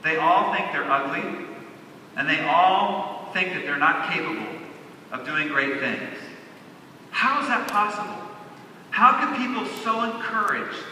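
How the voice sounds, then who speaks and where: A man's voice: high voice, bright, forceful tone, slight background noise. Man giving an emphatic keynote in a hall. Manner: emphatic, drawn-out stresses on key words. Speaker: convention keynote speaker. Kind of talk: motivational stage speech. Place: large convention hall. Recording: echoey hall, heard from a distance.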